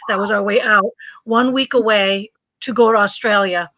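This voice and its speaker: Woman host, bright voice, dry lo-fi sound, animated, laughs a lot. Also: mid-range voice, moderate pace, no echo. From refugee from a communist country, raised in the US. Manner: animated storytelling, laughs often, searches for words. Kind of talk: casual live chat.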